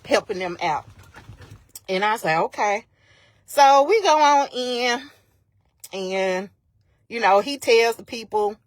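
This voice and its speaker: A woman telling a personal story live on her channel. She is animated and emphatic, slipping into the voices of the people she quotes. Her voice sits a little high, and the sound is close and dry. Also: dry recording. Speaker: vlogger retelling a personal incident. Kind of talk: casual live-stream storytelling. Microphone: phone on a live stream.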